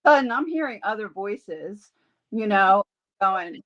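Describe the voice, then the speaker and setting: A woman guest in a casual interview, an animal communicator and Reiki healer telling lively stories and acting out the voices she quotes. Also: medium pitch, takes it slowly, dull audio. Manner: animated storyteller who acts out quoted voices.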